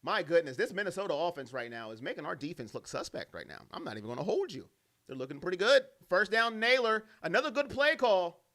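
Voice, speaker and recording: A man hosting a live fan stream, calling the plays and reading out chat messages and donations in an animated way. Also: sits high, quick pace. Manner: animated, loud, reacts to plays and reads donations. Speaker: fan livestream host doing play-by-play.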